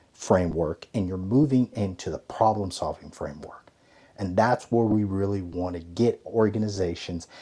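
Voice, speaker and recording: A man giving a motivational leadership lesson, emphatic and conversational, swinging between loud stresses and hushed asides. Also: sits low, husky. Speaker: ethics and leadership coach. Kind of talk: motivational teaching talk.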